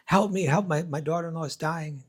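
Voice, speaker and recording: A man voicing a frantic, fearful mother-in-law in a high, pleading voice while telling a story. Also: a little fast, a little mellow, breathy edge, lightly acted. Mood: panicked.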